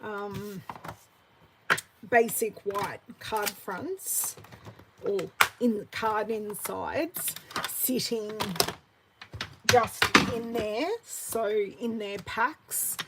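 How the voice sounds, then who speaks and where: An Australian woman in her forties runs a live card-making class, greeting viewers by name as she answers them and murmuring quietly to herself while she crafts. Her medium-pitched voice stays steady and moves extremely slowly, with long pauses, over heavy background noise.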